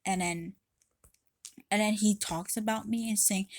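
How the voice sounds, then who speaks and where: A woman's voice: mid-range voice, fairly even intonation, a little slow, no room sound, clean studio sound. A woman vlogger ranting to camera in a rambling way, swearing often and restarting her sentences. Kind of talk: casual rant to camera.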